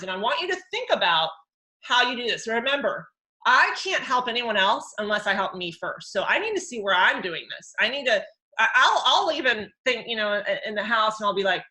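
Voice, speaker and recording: Bright-voiced, chatty woman teaching a workshop. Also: low-quality recording. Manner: chatty, animated, mimics others in high voices. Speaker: workshop host and counselor. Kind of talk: live workshop talk.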